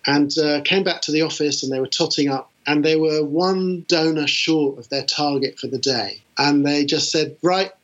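A middle-aged British man telling stories about his fundraising career in an animated, enthusiastic way, with lots of fillers. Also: fairly high pitch, moderate pace, hardly any pauses. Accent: British English. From England. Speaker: interview guest, fundraiser. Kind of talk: conversational storytelling. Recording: dull lo-fi sound.

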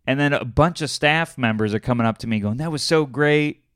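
A man's voice: medium pitch, a little fast, fairly bright tone, no room sound, clean studio sound. A man, a stand-up comedian, telling a rambling story in casual chat, with lots of fillers and laughs.

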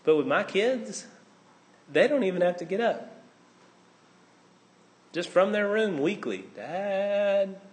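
Man preaching, high voice, animated, loud bursts then quiet asides. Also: unhurried, long pauses. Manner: animated, swings between loud exclamations and hushed asides. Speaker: pastor. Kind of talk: sermon.

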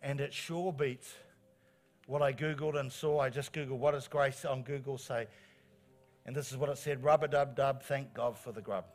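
A middle-aged man, preaching a sermon as pastor in an animated, encouraging way, repeating phrases for emphasis. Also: mid-range voice, normal speed, soft background music. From New Zealand.

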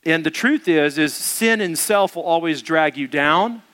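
Bright-voiced male preacher, casual and lively. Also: fairly high pitch, measured pace. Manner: conversational, acts out quotes. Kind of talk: sermon.

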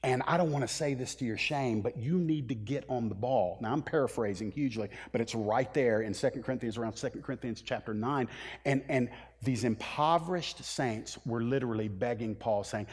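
A man preaching a sermon as pastor, animated, dropping to a hush and then rising to loud, pleading lines. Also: medium pitch, brisk, husky. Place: church sanctuary.

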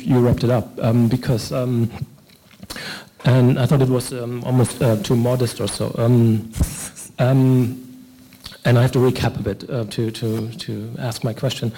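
A man in the audience asking a long question after a lecture, halting and hedging as he goes. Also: mid-range voice, dark tone, slight background noise, low-quality recording. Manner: halting, many fillers and restarts. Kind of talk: hesitant question from the floor.

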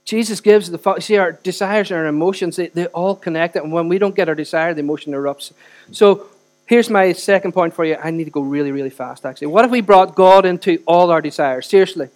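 A pastor with a fairly high voice preaches in a church, talking to the congregation in a conversational way and asking them direct questions. He swings from loud, pressing stretches to hushed ones. A low mains hum runs under the recording. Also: brisk. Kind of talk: sermon.

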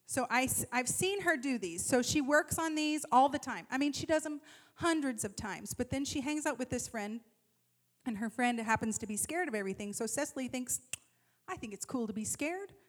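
A woman in her thirties giving an animated, self-deprecating talk to a church group, telling a personal story with humor. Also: high voice, normal speed. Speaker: speaker at a church gathering.

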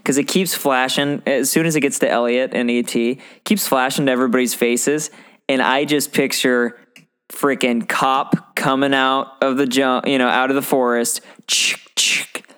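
A man's voice: mid-range voice, steady tone, moderate pace, a bit bright, clear, resonant tone. A young man casually chatting about a film as a podcast co-host, rambling and playful. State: teary.

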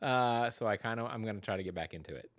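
A man hosting a podcast in casual chat, expressive, swinging between bursts of laughter and soft asides. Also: fairly low pitch, fast, dry recording, studio quality. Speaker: podcast host.

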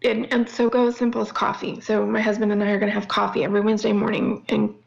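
A middle-aged woman talking earnestly about faith in a halting way, often restarting her sentences. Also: mid-range voice, level tone, gravelly, highs cut off. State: near tears at times. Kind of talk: faith-based conversation.

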